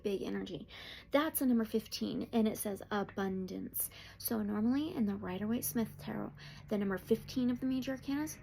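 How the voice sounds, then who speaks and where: Excitable woman doing a tarot reading. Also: on the high side. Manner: excitable, gasping and dropping to whispers. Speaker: tarot reader.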